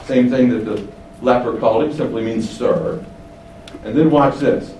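A man teaching the Bible, explaining and asking rhetorical questions, shifting his pitch for emphasis. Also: measured pace, mellow. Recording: echoey room, distant mic, faint hiss.

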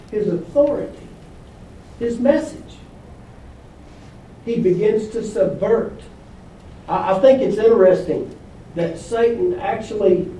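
In an echoey church hall, a pastor preaches a sermon, reading scripture aloud and asking the congregation questions. His voice sits high with a dark tone and sounds far off, with slight background noise.

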